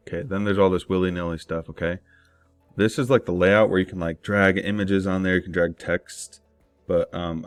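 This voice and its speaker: A man's voice: low-pitched, no echo. A young man walking through an email marketing tutorial in a loose, rambling way, full of fillers and self-corrections. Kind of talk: casual screen-share tutorial.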